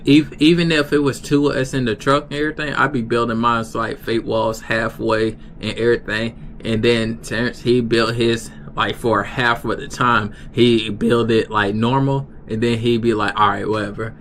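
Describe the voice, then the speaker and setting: A young man on a live stream tells a story casually, with a mid-range voice. He rambles and restarts often. A faint steady noise sits behind him. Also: medium pitch. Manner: rambling, many restarts and fillers. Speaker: livestreamer.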